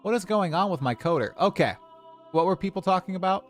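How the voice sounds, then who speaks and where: A young man chatting casually on a livestream, rambling and animated as he talks to his chat. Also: high voice, a little fast, faint music behind. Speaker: streamer.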